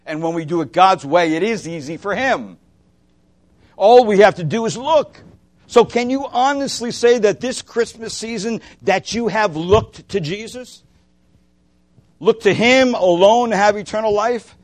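Pastor, male, sermon; slightly high voice, impassioned, swings loud to hushed, questions the listeners. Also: unhurried. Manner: asks the listeners direct questions.

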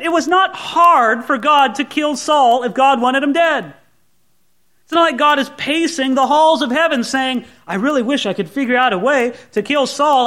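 A pastor with a very high, slightly bright voice preaches a sermon, dramatically retelling the scene and acting out its people in different voices.

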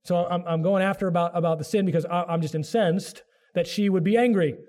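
A middle-aged man delivers a sermon to his congregation in an earnest, direct way. His voice sits a little high but sounds warm and mellow. He mimics people's excuses in a raised, mocking tone. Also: fairly even intonation, brisk. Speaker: pastor.

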